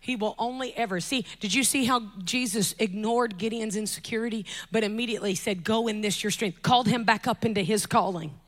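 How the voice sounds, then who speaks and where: A woman preaching a lively sermon from a church pulpit, joking with the congregation, shouting at her peaks and dropping to soft, intimate tones. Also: on the high side, brisk, few pauses. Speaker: guest preacher.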